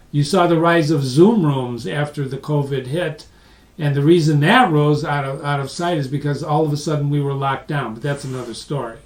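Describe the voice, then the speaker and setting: A man's voice: on the high side, a little mellow. A man giving a live webinar lecture, talking conversationally and repeating points for emphasis. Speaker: webinar presenter. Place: room with live audience online. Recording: roomy, distant mic.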